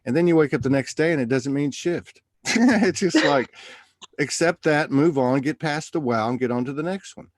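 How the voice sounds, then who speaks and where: A man's voice: medium pitch, fairly quick, dry recording. A man hosting a live show, chatting loosely and rambling through his thoughts. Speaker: livestream host. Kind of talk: casual spiritual chat.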